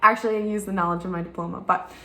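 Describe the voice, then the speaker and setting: A woman's voice: medium pitch, fairly even intonation, rapid-fire, pushed and bright. Rambling Southern woman in an echoey room. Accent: Southern American. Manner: rambling, frank, swears freely. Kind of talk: candid personal vlog talk. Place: rented home room with white walls.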